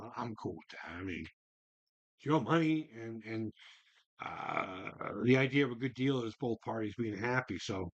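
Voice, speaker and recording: A man's voice: medium pitch, dull audio. A man hosting a casual live stream, answering viewer chat, swearing freely and exclaiming in disbelief as he rambles with restarts. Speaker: livestream host reading viewer chat.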